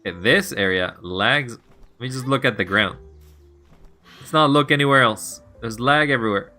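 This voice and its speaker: Bright-voiced chatty male streamer. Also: mid-range voice, moderate pace, soft background music. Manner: chatty, laughing, rambling asides to chat. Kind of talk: casual game stream chat.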